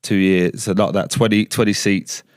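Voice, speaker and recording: A man and former footballer telling a story in a casual podcast chat, swearing freely and dropping to a hush when he quotes others. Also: lowish voice, fairly even intonation, moderate pace, smooth, no room sound, studio quality. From England. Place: basement studio.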